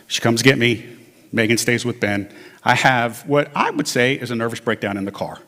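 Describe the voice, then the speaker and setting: A man's voice: mid-range voice, animated, moderate pace, a bit bright. Man telling his story in a reverberant church. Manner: conversational storytelling, acts out quoted dialogue. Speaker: church member giving testimony. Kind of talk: personal testimony to a congregation. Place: church sanctuary. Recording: long hall reverb from a church sanctuary.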